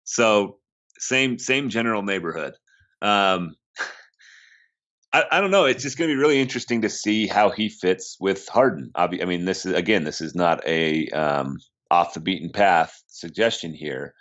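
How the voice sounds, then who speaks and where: A man co-hosting a sports podcast, speaking casually and haltingly with frequent pauses. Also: low-pitched, fairly bright tone, dull audio. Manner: hesitant, lots of ums and restarts. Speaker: podcast co-host.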